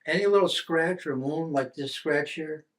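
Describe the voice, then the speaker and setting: A man's voice: a little high, normal speed. An older man from the United States, a veteran telling his story in an oral history interview, rambling with many restarts and fillers.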